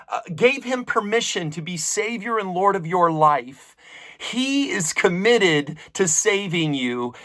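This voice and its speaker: A man's voice: sits high, a bit bright, no room sound, studio quality. A man preaching a sermon as pastor, emphatic, with repeated phrases and questions put to his listeners.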